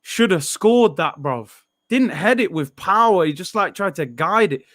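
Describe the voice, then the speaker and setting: A young man reacting live to a football match, his voice sitting high for a man. He grumbles with frustration, then bursts into shouts at near misses. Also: unhurried. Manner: frustrated, animated fan with sudden shouts. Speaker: football watchalong host.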